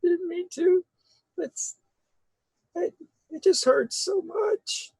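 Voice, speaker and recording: A man voicing a pitiful burnt baby-man creature in a tabletop game, with a high, tearful, sniffling voice. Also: extremely slow, creaky, darkish tone, dry recording, heavily acted, low-quality recording. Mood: sobbing.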